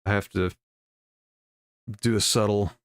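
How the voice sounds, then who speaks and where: A man's voice: fairly low pitch, fairly even intonation, measured pace, clear, resonant tone, no echo. A man on a livestream, casually reading news stories aloud and breaking off with laughing asides to his chat.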